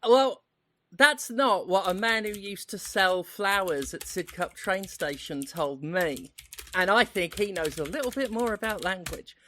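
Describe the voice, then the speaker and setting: A woman's voice: medium pitch, expressive, unhurried, bright, forceful tone, a little hiss or hum. A woman from the UK co-hosting a podcast, telling rambling, jokey anecdotes in casual chat. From United Kingdom. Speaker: podcast co-host.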